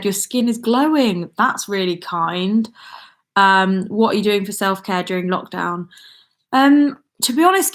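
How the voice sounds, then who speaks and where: A woman's voice: medium pitch, fairly bright tone. Chatty young woman on a livestream. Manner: chatty and rambling, with frequent ums and little laughs. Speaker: YouTuber hosting a livestream. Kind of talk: casual livestream chat reading comments. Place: indoors at home with a laptop.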